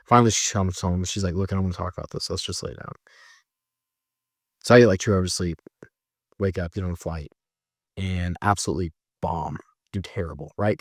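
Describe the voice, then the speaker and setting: A man telling a personal story in a casual, animated way, mocking himself and jumping high when exasperated. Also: no echo, clean studio sound. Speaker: storyteller recounting a breakup.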